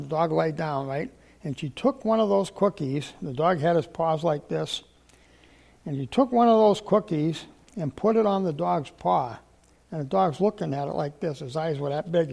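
A man preaching a folksy sermon, telling homespun stories and repeating himself, slowing down for emphasis. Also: fairly high pitch, gravelly, darkish tone. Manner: homespun, repetitive, slows for emphasis.

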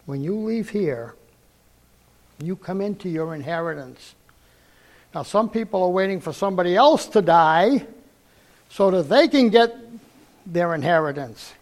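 A man's voice: high-pitched, animated, unhurried, pauses often. An older man giving a sermon testimony, telling his story earnestly and acting out the dialogue he quotes.

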